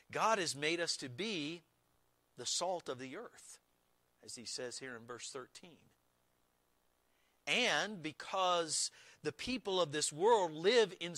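Slow, bright-voiced preaching man. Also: on the high side, no room sound. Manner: slow, deliberate preaching with emphatic repetition. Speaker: pastor. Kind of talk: sermon.

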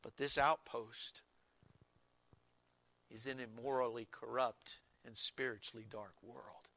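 A man preaching a sermon as pastor, slow and deliberate, stressing key words with emphatic repetition. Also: mid-range voice, steady tone, gravelly, pushed and bright, no echo.

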